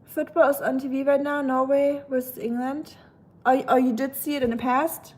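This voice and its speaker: A woman's voice: sits high, level tone, normal speed, a little mellow. A young German woman hosting a casual livestream, chatting with viewers and rambling with lots of fillers, sounding tired. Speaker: livestream host. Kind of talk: casual livestream chat reading comments.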